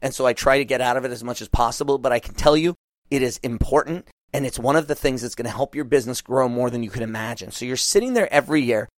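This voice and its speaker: A man coaching small business owners, talking animatedly and acting out what clients say in quick asides. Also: medium pitch, no room sound, clean studio sound.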